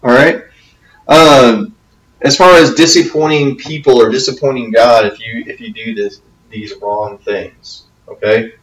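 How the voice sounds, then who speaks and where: A man's voice: medium pitch, fairly even intonation, measured pace, fairly bright tone. A man as youth pastor giving a conversational talk to teens, often checking in with "okay?". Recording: echoey room, from a distance.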